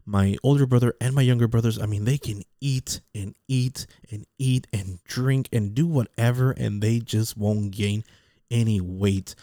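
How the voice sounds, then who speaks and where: A man's voice: lowish voice, steady tone, measured pace, dark tone, no echo, studio quality. A man talking casually in a rambling monologue, repeating words and restarting his sentences. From Mexican heritage.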